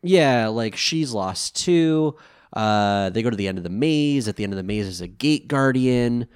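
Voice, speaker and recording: A man's voice: mid-range voice, expressive, moderate pace, clear, resonant tone. A young man co-hosting a podcast, rambling through a show recap with many fillers and restarts. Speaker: podcast co-host. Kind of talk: casual chat recapping a show.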